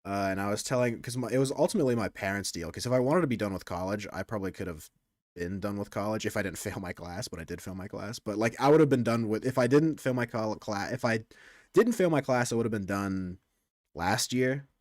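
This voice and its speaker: A man's voice: lowish voice, quick pace, dry recording, studio quality. A young man casually chatting to his stream audience, rambling and crude, often restarting his sentences. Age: young adult. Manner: rambling, self-interrupting, crude.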